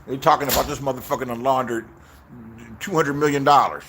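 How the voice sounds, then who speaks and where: A man's voice: medium pitch, fairly even intonation, a little fast, a bit bright, husky. A man in his sixties from Inglewood, telling rambling, profane stories in a casual vlog and acting out the voices he quotes, recorded outdoors. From Inglewood, Los Angeles, USA. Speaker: YouTuber.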